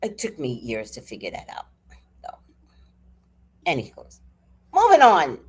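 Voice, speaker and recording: Older female host, casual chat, slow drawl, extremely lively pitch, animated and profane. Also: slightly rough. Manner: animated, laughing, salty-tongued storyteller. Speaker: livestream host.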